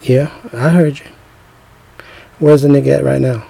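A man voicing a jealous ex-husband who answers the phone very calmly, his quiet voice carrying a threat. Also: medium pitch, moderate pace, vocal fry, breathy edge, no echo, voice pushed down. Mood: menacing calm. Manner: very calm, flat, threatening.

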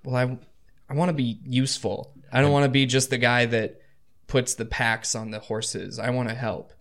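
A man's voice: mid-range voice, fairly even intonation, moderate pace, fairly bright tone, natural voice. A man voicing an earnest, insecure young man who wants to prove himself in a fight, speaking hesitantly. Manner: hesitant, stammering. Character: eager young male squire-hopeful, insecure and earnest.

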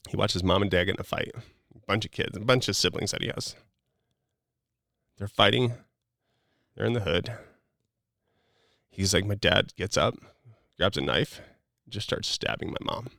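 A man recounts personal stories in an easygoing, animated way, full of "like" and "I go" as he acts out both sides of conversations. His voice sits low with a gravelly edge. The sound is close and dry. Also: moderate pace, long pauses, no room sound. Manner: animated, acts out dialogue, many fillers. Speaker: guest telling stories. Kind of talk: casual storytelling.

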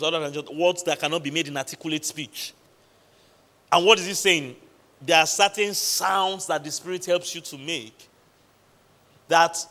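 A man's voice: a little high, fairly bright tone. Preaching man in a reverberant hall. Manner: preaching with emphatic pauses and repeated questions to the congregation. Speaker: pastor. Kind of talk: sermon. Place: large church hall.

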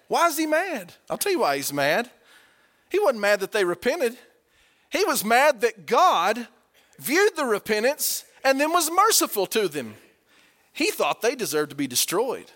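A man preaching a sermon, animated and emphatic, rising to forceful peaks as he drives his points home. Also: sits high.

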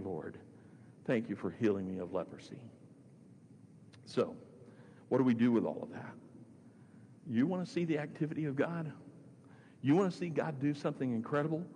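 A man's voice: on the high side, a little mellow. A man preaching a sermon, stressing his points by repeating phrases. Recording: long hall reverb with faint noise.

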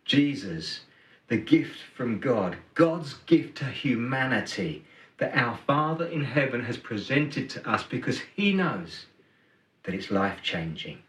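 A middle-aged man giving a Christmas sermon as pastor, telling a story and swinging between loud emphasis and hushed words. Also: medium pitch, big pitch swings, measured pace. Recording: roomy hall, from a distance.

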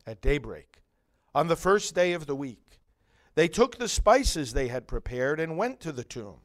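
A male priest giving liturgical readings and a homily in a measured, solemn way with long pauses. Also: on the high side, very animated.

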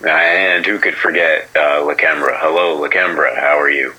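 A man leaving a voicemail and asking a mock-formal question in halting, stilted phrases. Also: extremely low pitch, fairly even intonation, bright, forceful tone, husky, low-quality recording. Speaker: voicemail caller.

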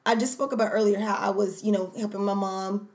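A woman co-hosting a laid-back podcast conversation. She speaks in a playful, animated way and drifts easily from one topic to a side story. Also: medium pitch, brisk. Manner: animated, playful, goes off on tangents. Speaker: podcast co-host. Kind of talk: casual chat.

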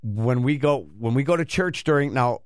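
A middle-aged man hosting a radio show, rambling and halting as he tells a story in casual banter. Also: medium pitch, smooth, no echo, studio quality. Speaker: radio host.

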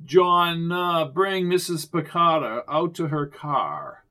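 A man reading an audiobook, voicing a snooty, pompous male official who speaks in a loud, clipped way. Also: on the high side, animated, slow pace, exaggerated voice. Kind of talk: audiobook character voice.

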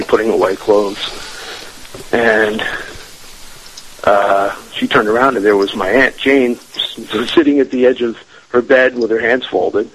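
A man's voice: lowish voice, fairly bright tone, slight background noise, poor audio. A man telling a family ghost story as a radio interview guest, rambling with many restarts and fillers.

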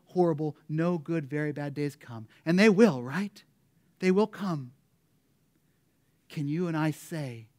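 A male pastor preaching a sermon, swinging between loud, emphatic declarations and a hushed, quiet prayer. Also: on the high side.

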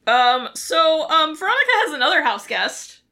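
Female co-host, casual recap chat, crisp bright tone, very expressive pitch, loose and giggly. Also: normal speed. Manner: laughs often, swears casually, animated retelling. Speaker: podcast co-host.

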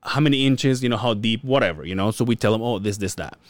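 A man's voice: fairly low pitch, fast, dry recording. A man co-hosting a podcast, telling a story in casual chat, acting out what people said, swearing and laughing often. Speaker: podcast co-host.

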